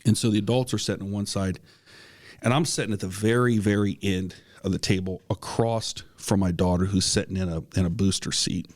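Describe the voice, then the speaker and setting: A man's voice: sits low, steady tone, a little fast. A man co-hosting a podcast, telling a personal ghost story in a casual, earnest way, with many restarts and the odd cough. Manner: coughs now and then. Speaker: podcast co-host.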